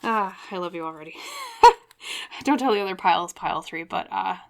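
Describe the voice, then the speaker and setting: A woman giving a pick-a-card tarot reading, chatty and excitable, talking straight to her viewers. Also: on the low side, a little fast, vocal fry. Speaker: tarot reader.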